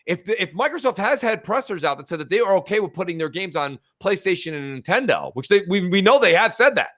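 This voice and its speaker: A man co-hosting a gaming podcast, talking in an animated, rambling way. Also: high voice, fast talker. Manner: animated, reads chat aloud, fills with uh. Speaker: podcast co-host. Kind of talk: casual gaming podcast chat.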